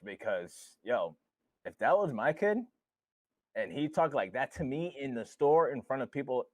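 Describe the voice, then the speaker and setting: A man's voice: medium pitch, animated, normal speed, no room sound. A man who is a father, co-hosting a podcast in blunt casual chat and swearing freely. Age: adult father. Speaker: podcast co-host.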